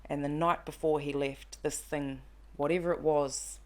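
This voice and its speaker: A woman in her thirties talks on a casual podcast, her voice sitting low. She tells a personal story with animation and acts out the quotes along the way. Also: level tone, normal speed. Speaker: podcast guest.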